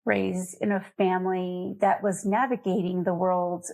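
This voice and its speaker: A middle-aged woman from Colorado, a guest on an interview, telling candid, lively stories from her life. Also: lowish voice, a little slow, creaky. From Colorado, USA. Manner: candid, lively anecdotes with laughter. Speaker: guest, nonprofit foundation CEO. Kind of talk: conversational storytelling.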